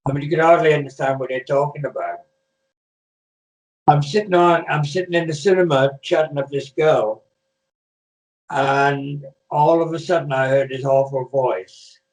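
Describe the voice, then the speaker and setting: A man's voice: a little high, unhurried. An older man from Britain, a retired wrestler, telling rambling stories in a casual interview over a video call, full of restarts and fillers. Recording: echoey room, far from mic.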